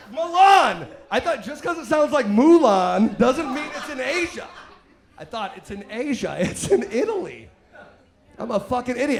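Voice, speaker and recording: A man doing stand-up comedy on a live stage, profane and rambling, working the crowd with bursts of shouting. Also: very high-pitched, gravelly.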